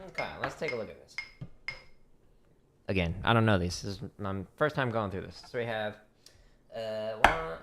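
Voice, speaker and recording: A man's voice: on the low side, expressive, moderate pace, long pauses, very noisy. A man teaching drumming on a casual practice stream, counting beats aloud and making playful asides to himself. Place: home practice room. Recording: loud drum clicks behind voice. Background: drumming clicks and taps.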